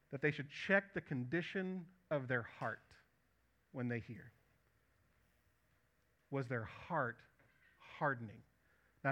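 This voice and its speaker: A man preaching a sermon as pastor, emphatic, asking the congregation questions and dropping soft at the ends of phrases. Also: a little high.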